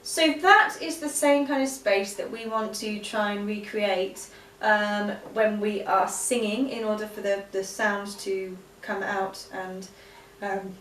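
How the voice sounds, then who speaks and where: A woman teaching vocal exercises in a relaxed, chatty way, with frequent ums. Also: mid-range voice, slow, hardly any pauses, a little hiss or hum. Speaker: singing teacher. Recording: echoey room, voice a bit far from mic.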